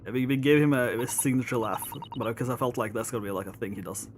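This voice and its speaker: A streamer chatting casually while playing, relaxed and joking. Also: medium pitch, fast talker, background noise.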